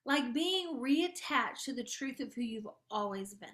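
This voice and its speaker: With a fairly high, lively voice, a spiritual life coach hosts a gentle session that drifts into guided meditation. She speaks slowly, stretching out her words, and her soft, tender tone occasionally sinks to a hushed near-whisper.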